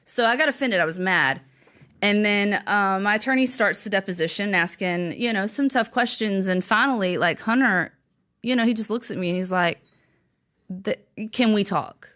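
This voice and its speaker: An earnest woman speaks as an interview guest and author, telling a personal story. Her delivery is halting and emotional, with frequent restarts. Her voice sits at an ordinary middle pitch. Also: fairly bright tone.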